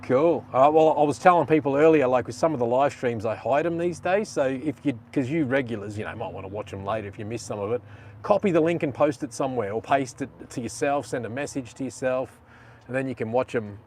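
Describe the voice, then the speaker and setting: Australian man, live stream host, rambling casual chat, slangy, mid pitch, faint traffic noise behind. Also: fairly quick, darkish tone.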